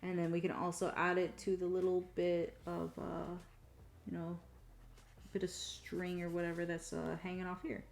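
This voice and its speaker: A woman chatting casually on a live stream while she draws, rambling to herself with many fillers and soft muttered asides. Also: lowish voice, completely flat delivery, moderate pace, creaky. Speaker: streaming digital artist.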